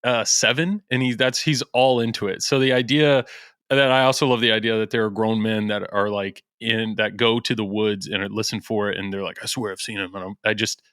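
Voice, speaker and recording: A man's voice: on the low side, fairly even intonation, a little fast, smooth, dry recording, clean studio sound. A man with a Midwestern American accent chatting casually as a podcast guest, rambling and restarting his sentences. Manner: rambling, self-interrupting, soft-spoken. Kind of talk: casual chat.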